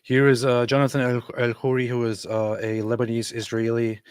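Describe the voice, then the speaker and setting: A man's voice: medium pitch, monotone, fairly quick, a little mellow, clean tone. A man hosting a casual reaction commentary, sarcastic and mocking, often laughing through his remarks. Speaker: commentary stream host.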